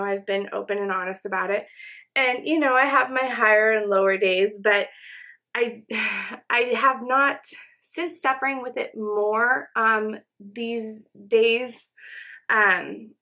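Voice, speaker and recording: Young woman, beauty vlogger, casual get-ready chat, rambling with fillers, bright voice. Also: a little high. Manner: rambling, many fillers like "um" and "you know". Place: home, indoors.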